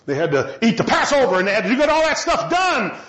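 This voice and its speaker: A man preaching a sermon with passion, moving between loud shouting and low, quiet lines. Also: sing-song, fast talker, reverberant, rough recording.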